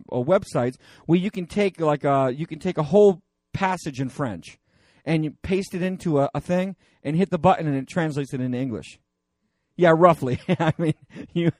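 Animated, higher-voiced male preacher. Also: no room sound. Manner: animated and digressive, with many fillers and restarts. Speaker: pastor. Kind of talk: conversational sermon.

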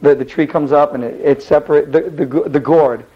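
Brief: male Bible teacher, lively storyteller, higher-pitched, muffled lo-fi recording. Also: moderate pace. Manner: lively, rambling, many restarts. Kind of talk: animated Bible storytelling lesson.

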